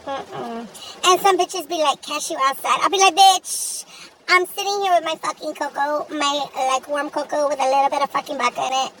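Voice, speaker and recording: A sassy, foul-mouthed young woman, voiced by a woman for a gacha cartoon, ranting with exasperated swearing. Her voice sits high and bright, and it sounds a little far from the mic over faint background noise. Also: moderate pace. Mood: irritated. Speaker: voice actor for animated gacha video. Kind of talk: comedic rant monologue.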